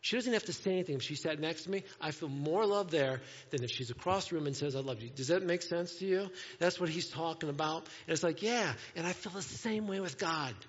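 A man preaching a sermon in a conversational way, moving between playful asides and hushed, earnest moments. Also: fairly high pitch, brisk, few pauses, big-room sound, lo-fi sound. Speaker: pastor. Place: church sanctuary.

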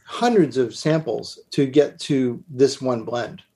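A man, a guest who blends spirits, explaining his work in a halting way with repeated words. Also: mid-range voice, mellow. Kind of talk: casual interview talk.

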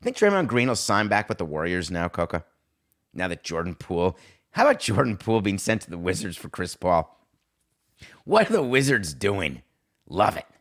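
A middle-aged man hosting a sports talk show, animated and sarcastic, slipping into mocking voices. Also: low-pitched. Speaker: podcast host.

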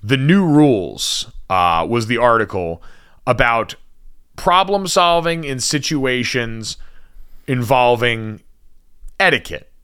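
Animated man co-hosting a sports podcast. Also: mid-range voice, takes it slowly, clean tone. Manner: animated, playful teasing. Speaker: podcast co-host. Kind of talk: casual sports chat.

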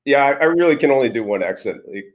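A man appearing as a guest on a podcast, relaxed and easygoing. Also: medium pitch, fast. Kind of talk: casual podcast interview.

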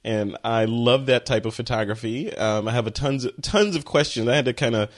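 A man's voice: medium pitch, normal speed. A man hosting a photography podcast, interviewing guests in a playful, upbeat, joking way. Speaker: podcast host. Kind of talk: casual interview chat.

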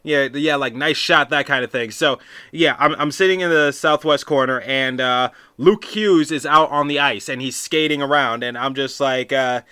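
A man's voice: medium pitch, moderate pace, bright, forceful tone, smooth. A man hosting a podcast, telling a story in a casual, rambling way with many restarts and asides. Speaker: podcast host.

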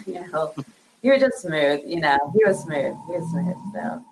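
A woman's voice: mid-range voice, animated, brisk, slight background noise, rough recording. A woman in her thirties being interviewed, talking casually with lots of fillers and frequent laughs. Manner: laughs often, chatty with many fillers. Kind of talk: casual conversation.

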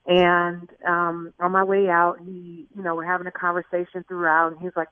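A woman calling in to a radio show, chatty and animated as she tells a personal story. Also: fairly low pitch, moderate pace, no room sound. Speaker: caller. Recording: tinny phone line.

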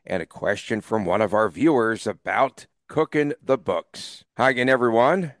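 A man hosting a sports podcast in casual, upbeat chat, talking in quick runs with some fillers. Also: fairly low pitch, no echo, clean studio sound. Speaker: podcast host.

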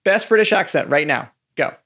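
A man's voice: fairly high pitch, expressive, fairly quick, bright, forceful tone. A man co-hosting a podcast from his home studio, teasing and playful. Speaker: podcast co-host. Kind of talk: casual chat.

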